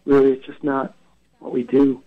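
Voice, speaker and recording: In a medium-pitched monotone at normal speed, the co-founder of a record retail event chats anecdotally as a radio interview guest, with plenty of self-corrections. The recording has the dull quality of a lo-fi radio broadcast.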